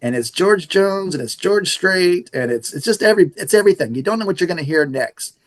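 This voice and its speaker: Animated middle-aged storyteller, fairly high voice. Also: male voice, a little fast. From San Antonio area, Texas. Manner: animated storyteller acting out dialogue. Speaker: radio station manager, podcast guest. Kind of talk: casual storytelling interview.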